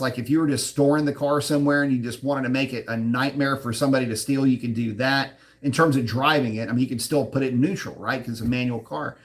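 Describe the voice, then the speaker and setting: A man's voice: mid-range voice, fairly bright tone. A man hosting a live chat, answering viewer questions in a rambling, frank way with many fillers and restarts.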